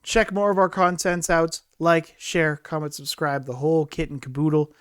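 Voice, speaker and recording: A man's voice: on the high side, little pitch movement, moderate pace, a bit bright, clear, resonant tone. A man co-hosting a casual podcast, joking around and reading out the show's sign-off. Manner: jokey, reads off sign-off lines. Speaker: podcast co-host.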